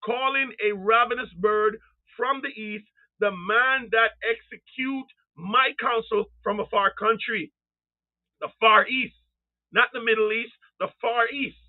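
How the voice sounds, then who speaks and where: A man preaching a fervent sermon, calling out to his listeners, drawing out quoted scripture slowly and rising into cries and shouts. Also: very high voice, steady tone. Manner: calls out to the audience. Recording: tinny phone-like sound.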